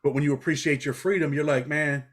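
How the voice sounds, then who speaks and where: A man's voice: fairly high pitch, fast talker. A middle-aged man from New York, a former prisoner talking bluntly in a casual interview. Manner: blunt, street-talking, animated storytelling.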